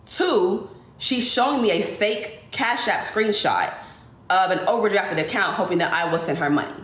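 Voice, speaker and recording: A woman livestreamer telling an emotional personal story in an animated, rushing way. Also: medium pitch, roomy sound. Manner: animated, speeds through dramatic retelling. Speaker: influencer livestreamer.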